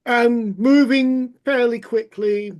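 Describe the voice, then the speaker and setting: A man's voice: very high-pitched, steady tone, slow pace, a little mellow. A man speaking as a player in a tabletop game, rambling with many fillers. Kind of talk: casual tabletop play.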